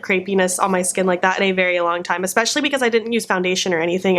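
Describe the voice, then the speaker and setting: A young woman chatting through a makeup tutorial, self-critical and easily frustrated. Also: a little high. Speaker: beauty vlogger.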